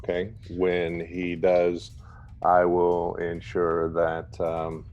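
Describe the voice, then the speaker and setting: A man playing a tabletop game, speaking hesitantly with many pauses. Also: low-pitched, monotone, muffled recording, soft background music. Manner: slow, hesitant. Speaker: player.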